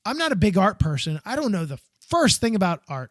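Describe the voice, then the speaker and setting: A slightly high-voiced American man talks alone into a dry, close microphone, hosting his own podcast. He rambles warmly from one thought to the next, and his voice leaps upward when he gets worked up. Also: fairly quick, few pauses, no echo. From United States. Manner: rambling, heartfelt and excitable, voice jumping up when enthused. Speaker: podcast host. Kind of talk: solo podcast monologue.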